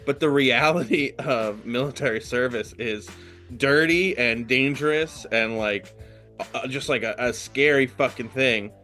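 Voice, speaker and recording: Mid-pitched man, joking podcast talk. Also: unhurried, sharp tone, faint music behind. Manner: joking, then earnest opinions. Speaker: podcast co-host. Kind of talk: casual movie discussion.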